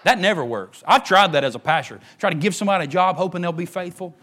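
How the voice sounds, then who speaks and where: A middle-aged man, preaching a sermon as pastor, swinging between emphatic rises and hushed near-whispers. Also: sits high, expressive, fast.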